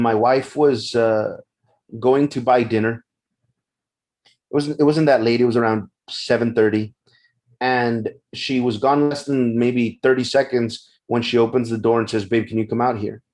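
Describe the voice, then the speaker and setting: Man telling a story animatedly. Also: mid-range voice. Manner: animated storytelling, many restarts. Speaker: podcast co-host. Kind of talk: casual discussion.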